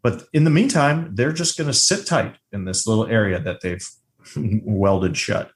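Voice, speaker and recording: A man co-hosting a casual movie chat, animated and swearing freely, acting out lines from scenes. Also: on the low side, a little slow, a little hiss or hum. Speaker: podcast co-host.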